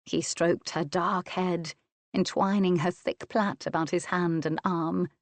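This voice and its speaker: Woman reading a romance audiobook, low voice, slow n deliberate, dry close mic. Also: fairly even intonation, no room sound. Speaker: audiobook narrator. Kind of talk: audiobook narration of a romance novel.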